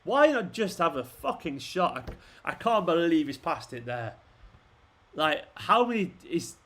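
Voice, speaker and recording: A young man talks through a live football match for his stream, a touch higher-pitched than most men. He shouts at the players on screen, swears freely and rants when they miss chances. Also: sing-song, measured pace. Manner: frustrated ranting, swearing, talking to the players on screen. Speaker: fan channel host. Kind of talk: live football watchalong commentary.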